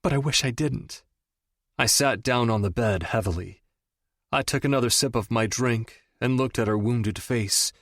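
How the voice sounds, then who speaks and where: A man reading a romance audiobook in the first person, measured and even. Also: medium pitch, no echo, clean studio sound. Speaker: audiobook narrator.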